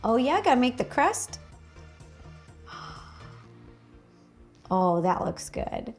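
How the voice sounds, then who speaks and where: High, gushing woman host reacting. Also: slow pace, creaky, soft background music. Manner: gushing and excitable, frequent gasps and delighted exclamations. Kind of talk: casual reaction commentary.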